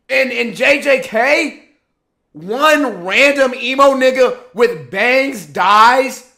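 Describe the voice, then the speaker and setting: A man giving a profane, exasperated rant as an anime commentator, firing off rhetorical questions and often shouting. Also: very high-pitched, creaky.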